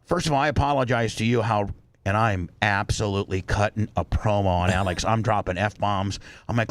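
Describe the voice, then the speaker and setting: Male radio host, blunt, animated, swears, dry studio sound. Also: fairly low pitch, a little fast, no echo. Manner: blunt, animated storytelling with profanity. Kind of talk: casual talk-show chat.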